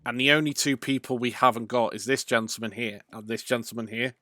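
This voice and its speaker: A man's voice: medium pitch, steady tone, a little fast, sharp tone, no echo. A man hosting a let's play, thinking aloud as he reasons through a puzzle game. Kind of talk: gameplay commentary.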